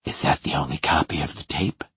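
A man voicing a cornered, menacing man who speaks low and harshly through gritted teeth in an audiobook. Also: moderate pace, breathy edge, no room sound, exaggerated voice. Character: cornered middle-aged man, menacing and smug. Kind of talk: audiobook character voice.

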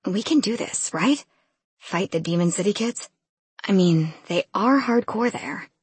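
A woman's voice: medium pitch, animated, a little slow, a little mellow, breathy edge, no room sound. A woman voicing a blunt, tough young woman fighter in a storybook reading. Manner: blunt, matter-of-fact.

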